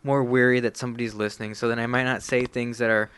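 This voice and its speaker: A man's voice: mid-range voice, level tone, quick pace, a bit bright, clean tone, no echo. A man hosting a casual podcast chat, rambling and self-deprecating, often laughing at his own jokes. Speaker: podcast host.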